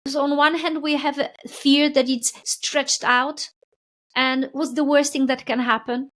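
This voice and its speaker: A woman's voice: high voice, flat delivery, measured pace, fairly bright tone. A middle-aged woman, a spiritual coach who is a guest on a podcast, telling stories animatedly and often adding a questioning "right?". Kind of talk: podcast conversation.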